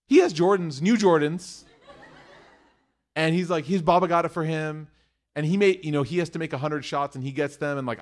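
A man's voice: on the high side, brisk. A man in his thirties teaching a class, telling stories about his son and acting out their dialogue. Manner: animated storyteller acting out family dialogue. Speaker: religious teacher. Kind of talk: storytelling lecture to a live class.

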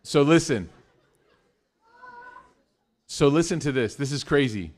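A man's voice: medium pitch, slow pace, some chatter behind. A man in his thirties teaching a class, telling stories about his son and acting out their dialogue. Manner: animated storyteller acting out family dialogue. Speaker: religious teacher. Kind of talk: storytelling lecture to a live class.

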